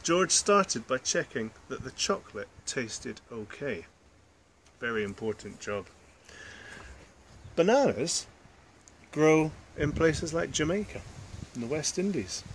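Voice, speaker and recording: A man reads a children's picture book aloud in a lively voice that swings up and down in pitch. He breaks off for chatty asides to his young listeners. A faint hum of background noise runs underneath. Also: takes it slowly, long pauses. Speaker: storyteller.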